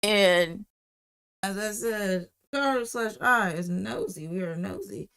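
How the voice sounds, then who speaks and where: A woman's voice: medium pitch, takes it slowly, vocal fry, a bit bright, smooth. A woman hosting a livestream, telling a casual, rambling story and repeating phrases for emphasis. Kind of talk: casual storytime while drawing.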